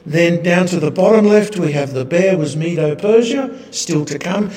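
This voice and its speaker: A man's voice: high-pitched, animated, moderate pace, darkish tone. A man teaching a sermon from slides, talking in a wry way with rhetorical tag questions. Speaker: Bible teacher. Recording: echoey hall.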